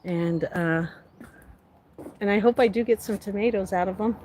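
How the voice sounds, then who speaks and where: A woman's voice: medium pitch, moderate pace, a little mellow, slight background noise. A woman livestreaming casual chat from her home garden, talking to her plants by name and filming on a handheld phone. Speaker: livestream host.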